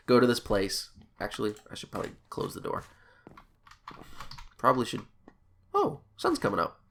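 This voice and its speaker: Young male gaming YouTuber, rambling casual storyteller, swears freely, mid pitch. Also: fairly bright tone. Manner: rambling, swearing, laughing asides. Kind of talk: casual storytelling while playing a video game.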